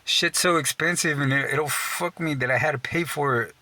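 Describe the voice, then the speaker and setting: A man's voice: a little high, moderate pace, pushed and bright. A young man from Texas telling a casual, profane rant, swearing constantly, saying "dude" a lot and laughing at himself mid-sentence. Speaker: storyteller.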